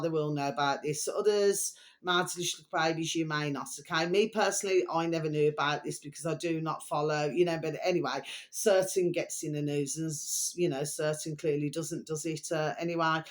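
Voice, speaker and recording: A woman ranting to her viewers in a vlog, swearing heavily and rambling with constant fillers. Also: sits low. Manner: swears heavily, keeps calling viewers her delicious little babies; rambling, filler-laden, repeats "okay" and "there we are". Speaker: video blogger.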